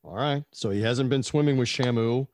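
A man's voice: mid-range voice, moderate pace, a little mellow. A man co-hosting a casual boxing talk show, chatty and digressive, asking his co-host questions as he talks. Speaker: podcast co-host.

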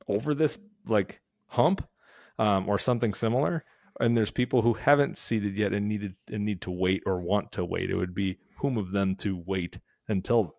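Low-pitched male host, conversational advice with frequent restarts, dry close mic. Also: gravelly, darkish tone, no echo. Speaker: podcast host. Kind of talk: casual how-to chat.

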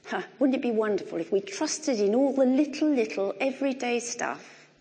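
A middle-aged woman preaching a sermon in a conversational, animated way with wry humour, recorded in a church. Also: a little high, normal speed. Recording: long reverb of a large hall.

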